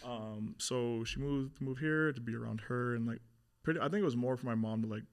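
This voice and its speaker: A young man talking at a rapid clip in a middle-range voice, a guest recounting his past in casual, unfiltered speech. He slips into other people's voices as he tells the story, swearing freely and piling up fillers. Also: medium pitch. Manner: animated retelling, acting out quoted voices, frequent swearing and fillers. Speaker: interview guest. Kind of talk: candid storytelling in a podcast interview.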